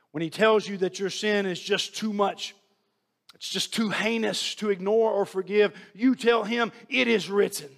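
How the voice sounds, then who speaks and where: A man with a notably high voice preaches a sermon. He builds his message on a rhythmic, repeated refrain, quoting scripture line after line.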